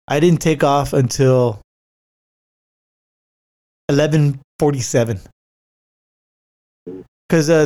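A man's voice: on the high side, a little mellow. A man casually telling a rambling travel story, swearing freely, with lots of fillers and restarts, and laughing easily. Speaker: traveler recounting a work trip.

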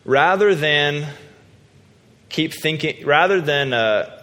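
A man preaching a sermon in a relaxed, conversational, self-deprecating storytelling way. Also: medium pitch. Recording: long hall reverb.

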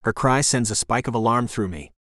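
A man narrating a first-person romance audiobook in a measured storytelling manner, on a close studio mic. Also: medium pitch, fairly bright tone, no echo.

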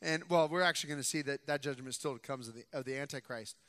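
A young adult male pastor giving a conversational sermon in a church sanctuary, who grows louder and more emphatic when he reads scripture aloud. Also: medium pitch, fast talker. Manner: conversational preaching, rising loud for scripture reading. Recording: long hall reverb.

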